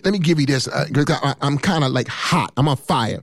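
A man's voice: medium pitch, fairly quick, no echo, clean studio sound. A man in his fifties, a pastor, preaching with fiery emphasis and rhythmic repetition. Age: 50s. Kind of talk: sermon.

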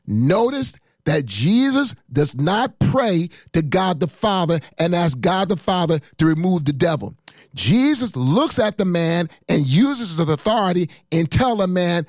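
Fiery high-voiced preacher man in his fifties. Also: big pitch swings, measured pace, no echo, studio quality. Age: 50s. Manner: fiery, emphatic preaching with repetition. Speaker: pastor. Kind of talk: sermon.

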